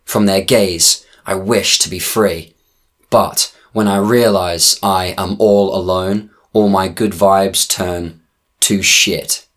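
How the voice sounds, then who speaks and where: A man performing spoken-word poetry in a slow, deliberate, dramatic delivery. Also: low voice, steady tone, a bit bright.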